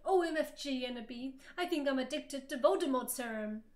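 Woman doing a weepy dramatic goth teacher lady, high and exclaiming. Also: animated, brisk. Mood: overwrought.

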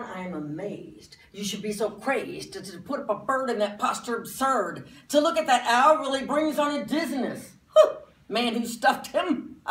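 Woman doing a fussy know-it-all young guy ranting, slow and theatrical, echoey room from afar. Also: medium pitch, a bit bright, distant mic. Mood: exasperated. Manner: lecturing, exasperated, theatrical. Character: indignant young man, know-it-all bird expert. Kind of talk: dramatic poetry recitation.

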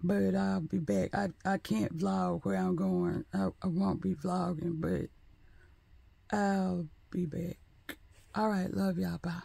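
Sassy guy vlogging on his phone in a store late at night, super gravelly, a bit high. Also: animated, takes it slowly, warm tone, no echo. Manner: sassy, profane, chatty. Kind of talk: casual vlog chat.

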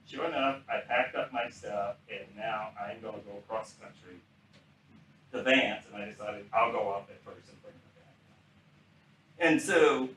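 Older man from South Carolina, speaker telling career stories, bright voice, distant mic in an echoey room. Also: mid-range voice, slight background noise. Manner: animated storyteller acting out quoted dialogue. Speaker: retired general giving a talk. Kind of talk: anecdotal storytelling talk.

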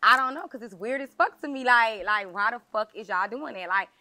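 A woman's voice: a little high, animated, sharp tone, no echo. A young woman talking as a guest in a casual chat, blunt and cursing freely as she tells stories. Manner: blunt, heavy cursing, drawn-out storytelling.

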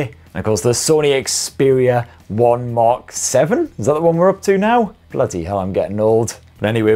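A man's voice: lowish voice, darkish tone. A British man hosting a tech video, reading viewer comments in a cheeky, sweary, jokey way.

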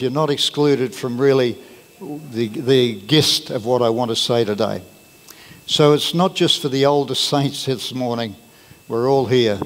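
A man preaching a sermon as pastor, earnest and plain-spoken, leaning on key words. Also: mid-range voice. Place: church hall. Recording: long reverb of a church hall.

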